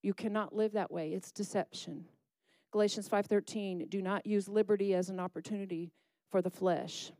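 A woman preaching a sermon with a mellow, warm tone. She builds her points in short, rhythmic, emphatic phrases and tosses asides to her listeners. The sound is dry and close, with little room around it. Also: mid-range voice, fairly even intonation, moderate pace, dry recording.

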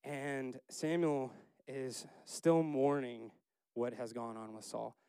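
A man leading a casual Bible study, chatty and laughing, acting out the characters in quick asides. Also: mid-range voice, steady tone, mellow, smooth, no echo.

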